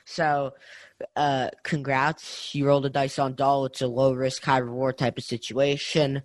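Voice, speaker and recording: A man's voice: mid-range voice, little pitch movement, measured pace, no room sound. A young man co-hosting a casual sports podcast, ranting with heat and repeating himself. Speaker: podcast co-host.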